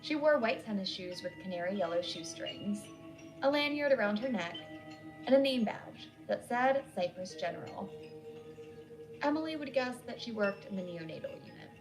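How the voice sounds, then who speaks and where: Woman narrator, mid-pitched, steady scripted read, faint music bed. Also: normal speed, low-quality recording. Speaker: horror story narrator.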